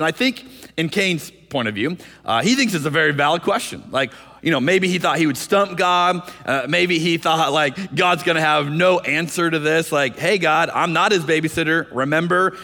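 A male pastor delivers a sermon with earnest energy, slightly high in pitch for a man. He often restarts his phrases and sometimes drops into acted voices. His voice rings out with the long reverb of a church hall. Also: expressive, moderate pace, sharp tone. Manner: earnest preaching, acts out voices in quotes, frequent restarts.

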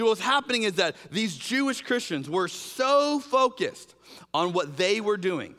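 Heard with a big-room sound, this man's high voice delivers a sermon as pastor. His style is conversational and full of fillers such as "like" and "you know," and he animatedly performs quoted exchanges, changing his voice for each part.

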